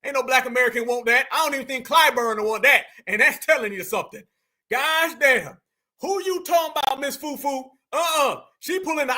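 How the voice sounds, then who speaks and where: High bright-voiced man mocking a clip. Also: a little fast. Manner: mocking, emphatic, shouts at times. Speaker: commentator. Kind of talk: reaction commentary on a clip.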